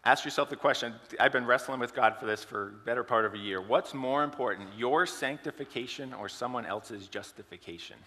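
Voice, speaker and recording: Guy preaching, tells a story then keeps asking the church questions, bright voice, echoey hall. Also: mid-range voice, brisk, few pauses. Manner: storytelling, asks the congregation questions. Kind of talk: sermon with an acted illustration.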